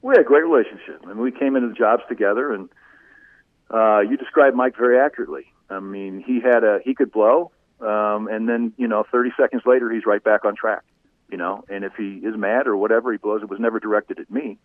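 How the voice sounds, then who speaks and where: Tinny-sounding man telling animated anecdotes. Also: fairly low pitch, brisk, no room sound. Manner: animated anecdotes, laughs often. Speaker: former sportscaster, guest. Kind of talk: conversational storytelling. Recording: tinny phone-like line.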